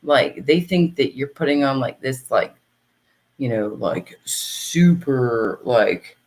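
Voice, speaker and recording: A woman's voice: very deep voice, lively intonation, slow, darkish tone, rough recording. A woman hosting a livestream in casual chat, rambling and profane, laughing often between her words. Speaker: livestream host.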